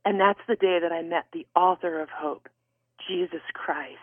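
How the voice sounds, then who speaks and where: A woman guest author telling a personal story in an interview, animated and expressive. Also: lowish voice, moderate pace, no room sound. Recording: tinny phone line.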